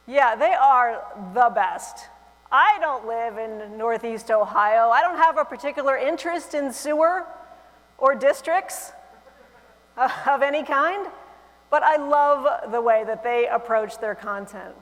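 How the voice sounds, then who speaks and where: A woman giving a conference keynote on stage, lively and humorous, with animated asides. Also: fairly high pitch, unhurried. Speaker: keynote speaker. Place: large conference hall, on stage. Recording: long hall reverb.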